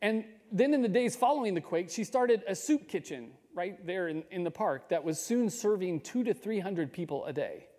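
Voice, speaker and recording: Mellow man telling a story in a hall. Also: high voice, expressive. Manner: measured, with small restarts and pauses. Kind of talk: storytelling talk.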